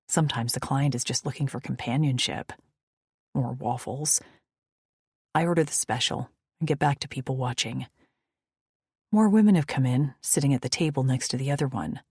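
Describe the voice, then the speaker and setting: A woman narrates a first-person romance audiobook in a hushed, breathy voice. Her tone is low and husky. The recording is close and dry, with no room sound. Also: no room sound.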